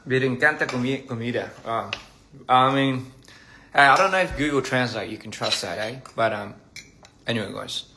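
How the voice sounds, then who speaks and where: A man chatting casually on a live stream during a meal, playful and halting, repeating phrases as he practices pronunciation. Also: mid-range voice, background noise. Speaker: livestream host. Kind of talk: casual live-stream chat while eating.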